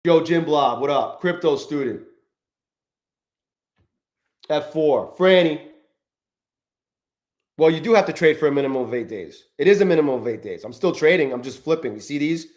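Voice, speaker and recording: A man's voice: fairly high pitch, lively intonation, moderate pace, long pauses, a little mellow. A man live-streaming his trading, swearing often and berating himself, breaking off to greet viewers from the chat by name. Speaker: livestreaming day trader.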